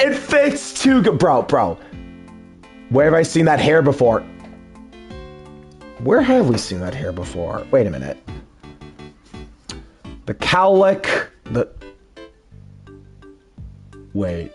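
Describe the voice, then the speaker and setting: A man chatting casually during a game dub, excited and joking. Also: medium pitch, slow pace, long pauses, faint music behind. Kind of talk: casual gaming chat.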